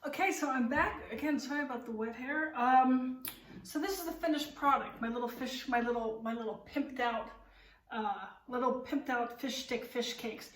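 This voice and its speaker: Woman home cook, casual vlog chatter, candid and rambling; high voice, recorded at a distance in an echoey kitchen. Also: moderate pace, fairly bright tone. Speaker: home cooking vlogger. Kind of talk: casual cooking vlog chat. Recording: roomy kitchen, voice off-mic.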